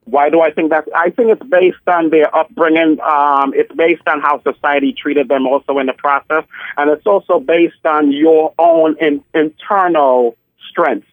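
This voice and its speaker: A man's voice: a little high, steady tone, normal speed, no room sound. A man in his forties, a drag queen guest, talking in a sassy, theatrical way and calling people honey and darling. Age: 40s. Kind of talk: casual phone interview. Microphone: telephone. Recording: tinny dry phone line.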